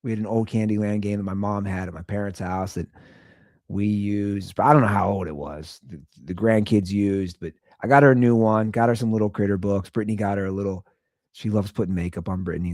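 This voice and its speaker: A man's voice: lowish voice, steady tone, brisk, a little mellow, no echo, studio quality. A young man hosting a casual solo podcast, rambling about family life. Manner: rambling, chatty, swings between sing-song and mumbling. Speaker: podcast host.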